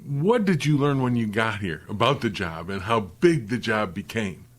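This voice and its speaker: A man's voice: on the low side, expressive, moderate pace. Man hosting an interview. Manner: leading questions that sum up the guest's story. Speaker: interview host. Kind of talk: interview questions.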